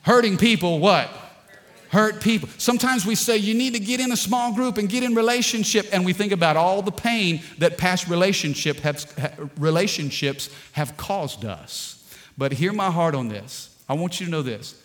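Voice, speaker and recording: A man pastor preaching a lively sermon, calling out to the congregation and telling funny stories. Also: high-pitched, moderate pace. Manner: dynamic preaching, call-and-response with congregation, storytelling with humor. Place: large church sanctuary. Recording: long hall reverb.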